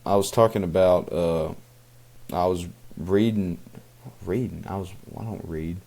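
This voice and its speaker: A man's voice: low-pitched, measured pace, dark tone. A young man co-hosting a podcast, talking casually in a rambling way with many fillers and restarts. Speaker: podcast co-host. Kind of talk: casual chat.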